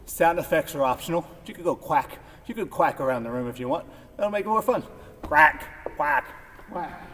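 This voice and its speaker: A man's voice: fairly high pitch, animated, fast. A man teaching PE, leading a home workout. He talks upbeat and encouraging and counts reps aloud. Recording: echoey room from far off, faint noise.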